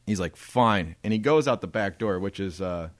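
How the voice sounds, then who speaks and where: A man's voice: sits low, lively intonation, fairly quick, no room sound. A man telling a story in a casual podcast chat, swearing freely and laughing often. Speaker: podcast co-host.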